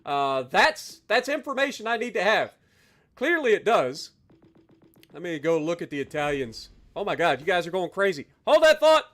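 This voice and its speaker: A man live-streaming a game, talking to his chat and thanking donors with loud, exaggerated reactions. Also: high-pitched, lively intonation, moderate pace.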